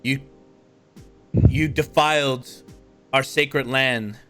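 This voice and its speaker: A man's voice: mid-range voice, steady tone, very slow, fairly bright tone, soft background music. A man voicing a grotesque, insect-ridden male monk who speaks in a bitter, accusing tone.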